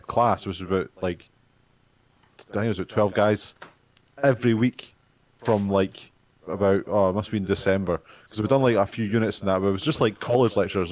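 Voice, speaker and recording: A man's voice: fairly low pitch, a little mellow. Young Scottish man ranting casually. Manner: swears freely, exasperated ranting. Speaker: tabletop game player. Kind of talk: casual chat.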